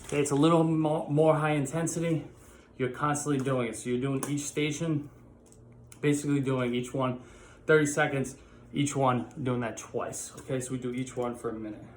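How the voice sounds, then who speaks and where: A man's voice: a little high, slight background noise. Guy pe teacher calling out reps while he works out, kinda winded, roomy echo. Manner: upbeat coaching while exercising. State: out of breath. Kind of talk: home workout class.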